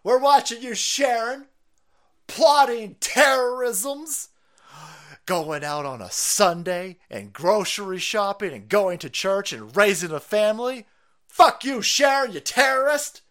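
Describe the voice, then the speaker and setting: A man putting on a shrill, exaggerated male federal agent who accuses ordinary people in a squawking, mocking voice. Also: lively intonation, a little slow, a bit bright. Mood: accusing.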